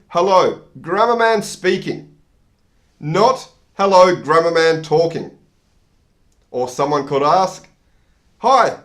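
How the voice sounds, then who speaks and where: A male English teacher walks learners through a vocabulary lesson with a slightly raised voice. He talks at an unhurried pace and leans on each example word so it is easy to follow. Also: fairly high pitch. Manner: slow, careful, stresses words to teach them.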